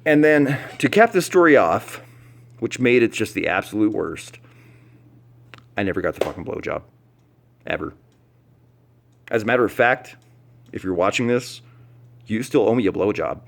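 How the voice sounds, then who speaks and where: A young man telling a comic story to camera, swearing freely with deadpan asides. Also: on the low side, moderate pace, creaky, pauses often. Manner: profane, animated, deadpan asides. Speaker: vlogger.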